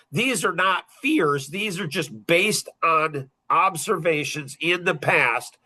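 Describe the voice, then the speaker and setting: A man's voice: fairly high pitch, sharp tone. A middle-aged man hosting a podcast in casual talk, blunt and rambling, often repeating himself. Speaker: podcast host.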